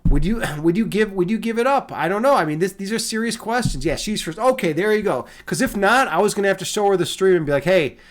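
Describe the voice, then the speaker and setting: A man's voice: high-pitched, lively intonation, fast, hardly any pauses. A young man from Chicago hosting a live stream, chatting casually with many fillers and repeated words. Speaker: streamer host.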